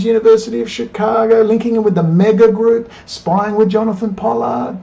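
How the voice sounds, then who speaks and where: Fervent rambling man, higher-pitched voice. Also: normal speed, vocal fry, hardly any pauses, a little mellow. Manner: fervent, exhorting, digressive, swings from urgent to weary. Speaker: political video blogger. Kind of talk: impassioned rambling monologue to camera. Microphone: laptop webcam.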